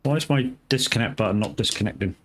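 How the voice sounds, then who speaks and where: A man's voice: lowish voice, quick pace, fairly bright tone, a little hiss or hum. Rambling man streaming a game. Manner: rambling, swears casually, greets chat viewers by name. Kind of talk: casual live gameplay commentary.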